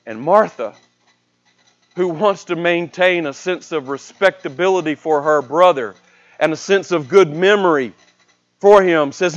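A man preaching a sermon, retelling a scripture story with dramatic swings between a raised voice and a hushed one. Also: a little high, a little slow.

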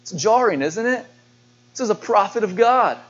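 A male pastor delivering a sermon in a high voice. He is earnest and questioning and doubles back on his words. The sound is dull and lo-fi. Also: expressive, normal speed. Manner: earnest, asks the congregation questions, repeats words.

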